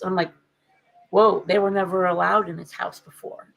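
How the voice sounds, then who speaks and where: A woman's voice: on the low side, flat delivery, moderate pace, gravelly, a bit bright, low-quality recording. A woman on a podcast telling a candid family story in a casual, conversational way, with frequent fillers. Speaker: podcast co-host.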